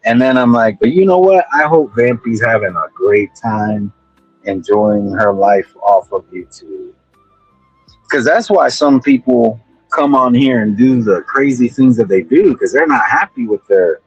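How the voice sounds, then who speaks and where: A man talks in a slow, unhurried drawl as a livestream panel guest. His voice is husky, and the sound is dry and close. He rambles in a laid-back way. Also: on the low side, a little mellow, no room sound, lo-fi sound. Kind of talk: casual chat.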